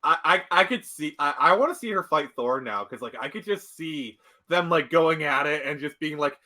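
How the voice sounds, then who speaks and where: A man's voice: fairly high pitch, animated, normal speed, bright, forceful tone. A man co-hosting a podcast in casual chat, rambling with constant fillers. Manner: rambling, heavy fillers like "like" and "you know". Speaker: podcast co-host.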